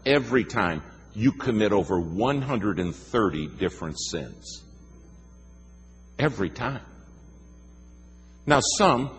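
Man, preacher, folksy sermon, very slow deliberate delivery, long hall reverb. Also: on the low side. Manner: folksy, emphatic, slows down for emphasis. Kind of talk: sermon with storytelling.

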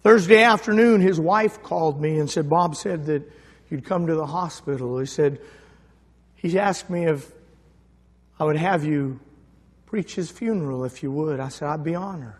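A man preaching a sermon, telling a story quietly and then rising into shouted appeals. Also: on the high side, normal speed. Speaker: pastor. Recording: long hall reverb.

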